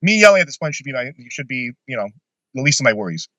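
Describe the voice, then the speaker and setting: A man's voice: mid-range voice, sing-song, quick pace, bright, forceful tone, dry recording. A man casually telling a long personal story on a podcast, blunt and swearing freely.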